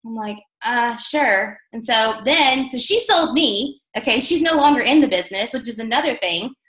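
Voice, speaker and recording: A woman's voice: on the high side, expressive, a little fast, fairly bright tone, reverberant, rough recording. A middle-aged woman giving a candid, chatty motivational talk to a sales team, full of fillers and self-deprecating asides.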